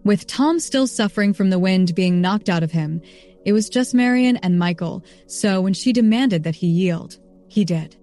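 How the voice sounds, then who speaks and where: A woman narrating a story in an even, steady reading voice. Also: medium pitch, moderate pace, faint music behind. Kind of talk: scripted narration.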